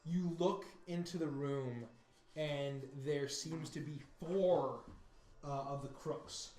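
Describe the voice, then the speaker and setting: A man narrating as game master, animated, breaking into loud sound effects and voices. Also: fairly high pitch, slow. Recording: roomy mic with background music. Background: faint music.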